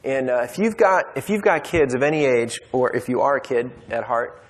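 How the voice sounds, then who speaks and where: At a men's Bible study, a man with a mid-range voice tells a personal story at a normal speed. He keeps it casual, stopping to restart and using fillers, and the room adds a long hall reverb.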